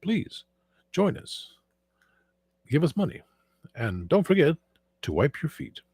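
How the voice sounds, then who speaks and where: A man's voice: fairly high pitch, big pitch swings, slow, a little mellow, breathy edge, dry recording, voice pushed up, exaggerated voice. A man putting on a showy male movie-phone announcer voice, with grand, over-the-top delivery. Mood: grandiose.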